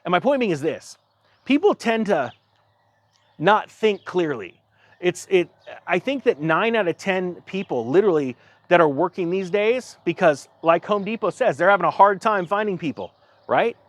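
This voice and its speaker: Man, higher-pitched voice, casual rambling monologue, exasperated, dry close sound. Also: expressive, normal speed, no room sound. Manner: rambling, exasperated retelling with acted-out dialogue. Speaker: storyteller.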